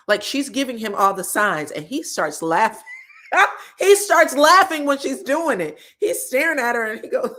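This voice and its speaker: A woman's voice: on the high side, moderate pace. A woman hosting a reality TV recap, talking casually and sassily, laughing often and acting out what the cast said. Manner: animated and sassy, laughs a lot, acts out quotes.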